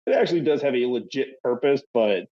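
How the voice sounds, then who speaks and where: A man in mid-pitch talks loosely on a podcast, circling back and restarting his sentences as he tells a coaching story. His voice comes through a slightly dull, lo-fi recording. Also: animated, a little fast. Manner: rambling storyteller with many restarts. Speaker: podcast co-host, youth baseball coach. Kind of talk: casual chat.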